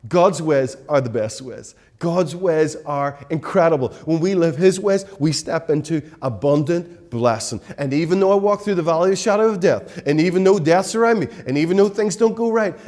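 A man delivers a sermon as pastor. His voice sits a little higher than most men's. He preaches emphatically, repeating his points and asking the listeners rhetorical questions. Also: darkish tone.

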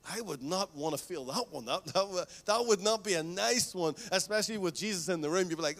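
A male pastor preaching a sermon, telling stories with lively asides and acting out quoted voices. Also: high voice, fairly quick, few pauses. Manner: animated storytelling, acts out quoted voices.

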